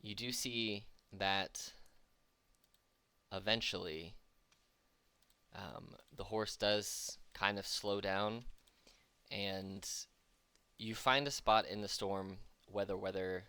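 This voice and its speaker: A man acting as game master, narrating a tabletop game slowly with many pauses and fillers. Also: on the low side, fairly even intonation, bright, forceful tone, clear, resonant tone, no room sound. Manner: slow, halting narration with fillers.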